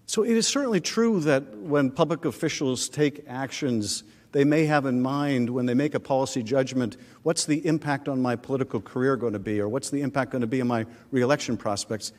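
A man's voice: medium pitch, a little mellow. A man presenting a formal legal argument at a podium microphone in a large chamber, earnest and pressing his points. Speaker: prosecuting manager. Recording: long reverb in large chamber.

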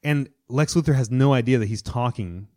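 A man in his thirties co-hosting a casual podcast, retelling comic storylines with enthusiasm and quick quoted voices. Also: medium pitch, dark tone. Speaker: podcast co-host. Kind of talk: casual chat.

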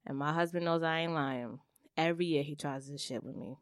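A young adult woman on a podcast, telling a personal story in blunt, swearing, animated casual chat. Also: low voice, brisk, dry recording, clean studio sound. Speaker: podcast co-host.

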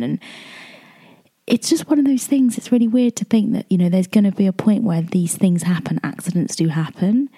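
A woman's voice: fairly low pitch, normal speed, dark tone. A young woman talking in a casual, emotional, rambling way, with lots of fillers and restarts. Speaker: podcast host. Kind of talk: casual personal chat.

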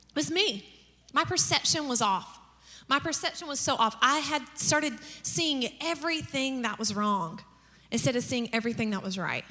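A woman pastor giving a sermon, telling lively family stories and acting out their lines. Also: high voice. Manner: storytelling with acted-out family dialogue and humor. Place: church hall. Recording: long reverb of a large church hall.

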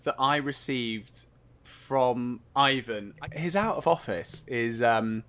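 A man's voice: medium pitch, takes it slowly, a bit bright, smooth. An English man in his thirties co-hosting a podcast, chatty and self-mocking, full of fillers and restarts. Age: 30s. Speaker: podcast co-host. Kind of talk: casual chat.

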